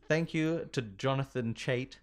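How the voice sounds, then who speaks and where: A medium-pitched man with vocal fry co-hosts a podcast full of casual comedic banter. He giggles often and reads out tweets and posts with mock emphasis.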